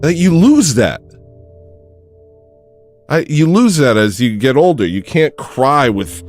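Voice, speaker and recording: Deadpan man rambling on a livestream. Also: medium pitch, slow, soft background music. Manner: deadpan, drifts into loud baby-cry impressions. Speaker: livestream host. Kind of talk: rambling comedic livestream chat.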